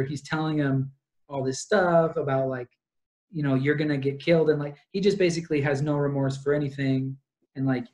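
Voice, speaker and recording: A man's voice: mid-range voice, a little mellow. A young man in casual book-club talk, retelling a plot at length with lots of fillers and asides. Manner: rambling, detail-heavy retelling with many fillers. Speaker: podcast co-host.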